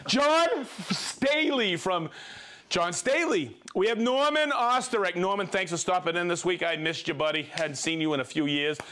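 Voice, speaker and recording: A man hosting a livestream, reading out viewer shout-outs in a playful, jokey way and laughing easily. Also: sits high, normal speed. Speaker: host.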